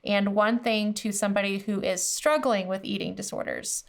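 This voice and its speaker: A woman's voice: medium pitch, fairly even intonation, normal speed, creaky. A woman hosting a podcast interview, encouraging her guest and backing her up with frequent "mm-hmm". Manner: warm encouraging, constant "mm-hmm" backchannel. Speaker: podcast host. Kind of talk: casual interview chat.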